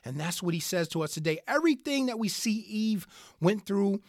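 On a Bible study podcast, an earnest host teaching scripture reads old-style verses aloud, then explains them with growing excitement, often addressing listeners as "guys." The voice is middle-pitched and fairly quick, recorded dry with no room echo.

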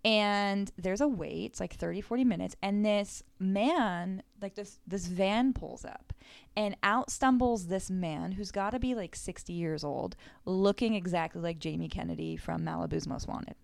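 A young woman co-hosting a podcast, telling a story in a casual, animated way, with lots of swearing. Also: medium pitch, normal speed, vocal fry, dry recording. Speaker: podcast co-host.

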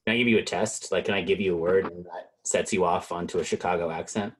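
A man's voice: low-pitched, fairly even intonation, fast talker. A man co-hosting a comedy podcast, teasing with jokey asides. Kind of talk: casual comedic chat.

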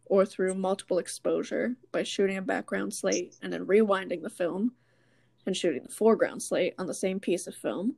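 Gravelly woman reading notes casually. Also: mid-range voice, moderate pace, darkish tone, dry recording. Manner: reads notes aloud with many ums. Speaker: podcast co-host. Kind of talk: casual chat.

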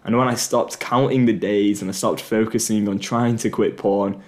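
Male solo podcaster, low-pitched, earnest and encouraging. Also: fairly even intonation, normal speed, a little mellow. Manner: earnest, encouraging, some repeated words. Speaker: podcast host. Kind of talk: solo motivational podcast talk.

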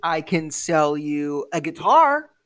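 A man voicing a cheerful male dwarf salesman with a friendly, polite sales pitch in a family tabletop game. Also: sing-song, takes it slowly, a bit bright, dry recording, exaggerated voice.

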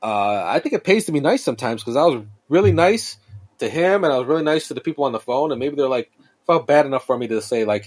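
A man's voice: mid-range voice, animated, fast talker, a little mellow. A man in his thirties, a podcast co-host, casually telling a long story, rambling and swearing freely with many restarts. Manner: rambling and profane, with frequent restarts and fillers.

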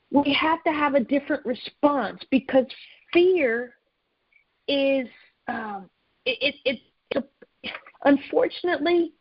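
High-voiced woman preaching earnestly. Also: no echo. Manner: earnest, repeats phrases, frequent restarts. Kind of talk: sermon-style teaching. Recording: dull, lo-fi sound.

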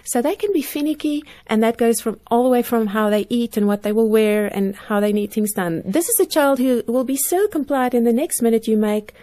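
A woman's voice: fairly high pitch, fairly quick, few pauses. A woman talking about children's personalities on a faith-based parenting podcast, laughing often and acting out a child's complaints. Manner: animated, laughs often, acts out children's voices. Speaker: parenting podcast guest expert. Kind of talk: casual Christian parenting talk.

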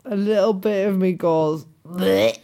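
A woman's voice: a little high, expressive, normal speed, a little mellow. Blunt, teasing young woman. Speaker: podcast co-host. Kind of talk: casual chat.

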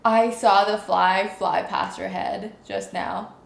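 A woman's voice: medium pitch, slow pace, vocal fry. A woman with a Californian accent, co-hosting a casual podcast chat, teasing and rambling playfully on a shared microphone. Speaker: podcast co-host. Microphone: single shared microphone. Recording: echoey room.

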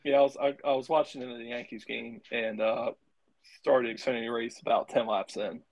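A young adult man co-hosting a casual podcast about racing, blunt and quick to swear when worked up. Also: mid-range voice, no echo, poor audio. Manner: profane, blunt and excitable. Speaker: podcast co-host.

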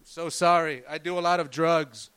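Male stand-up comic, fairly high and smooth voice, profane, rambling, loose. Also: fairly even intonation, normal speed, a bit bright. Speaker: stand-up comedian. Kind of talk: stand-up comedy set.

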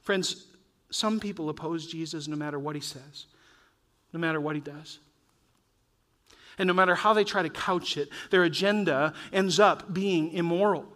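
A man preaching a sermon as pastor, earnest and urging, his voice rising and falling in loudness from point to point. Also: a little high, normal speed.

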